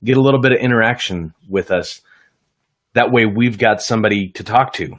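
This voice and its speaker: A man's voice: on the low side, brisk. A man appearing as a guest sales coach on a live video-call chat, upbeat and friendly with the audience. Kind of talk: casual live-stream chat.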